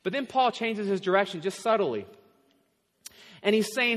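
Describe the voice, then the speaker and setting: A man's voice: high voice, normal speed, long pauses. A male pastor preaching a sermon in a church, conversational and laughing often. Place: church sanctuary. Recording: long hall reverb.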